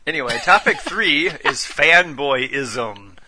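A young man hosting a podcast in relaxed, joking casual chat. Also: on the high side, slow pace, breathy edge. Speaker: podcast host.

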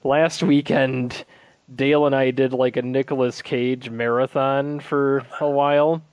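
A man's voice: medium pitch, level tone, a little slow, smooth, dry recording, lo-fi sound. Guy rambling on a podcast, lots of likes and laughs, dead dry mic. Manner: rambling, filler-heavy, laughs while telling stories. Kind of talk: casual chat.

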